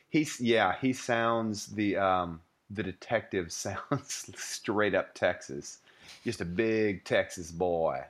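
A man's voice: lowish voice, slow. A man co-hosting a casual book club podcast, wry and thoughtful.

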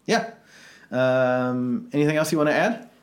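A man's voice: mid-range voice, measured pace. A man co-hosting a podcast in casual chat, rambling and self-reflective with a joking streak. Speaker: podcast co-host.

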